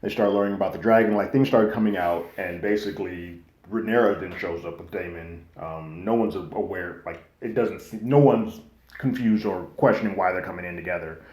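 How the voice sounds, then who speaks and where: A man hosting a casual, slangy TV recap and review, animated and loosely acting out what characters say. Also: sits low, a little fast. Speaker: TV recap host. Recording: echoey room.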